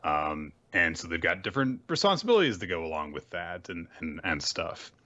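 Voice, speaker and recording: A man's voice: sits low, very animated, fairly quick, sharp tone, highs cut off. A man co-hosting a podcast, chatting in a thoughtful, hesitant way. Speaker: podcast co-host. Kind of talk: casual chat.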